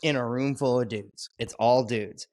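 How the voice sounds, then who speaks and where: A man's voice: medium pitch, fairly even intonation, unhurried, a little mellow, no echo, studio quality. A man, a stand-up comedian, telling stories casually on a podcast, swearing freely and laughing often. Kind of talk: casual profane storytelling.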